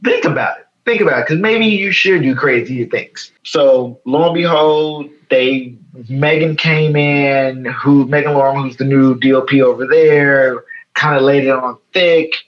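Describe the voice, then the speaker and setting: A man's voice: medium pitch, highs cut off. A man in his thirties from Chicago, a guest telling a long story in a casual interview, quoting people as he goes. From Chicago, South Side. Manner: animated, fast storytelling with quoted dialogue. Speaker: guest, photo editor.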